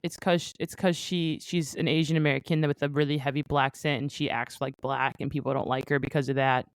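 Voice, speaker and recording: Low-voiced woman chatting opinionatedly, dry sound. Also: level tone, fast, smooth, no echo. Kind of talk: casual chat.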